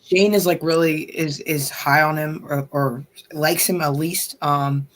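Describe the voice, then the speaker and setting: A man's voice: on the high side, steady tone, measured pace, a bit bright, slight background noise. A man speaking as a guest on a sports podcast, hesitant and full of fillers. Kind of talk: casual sports podcast chat.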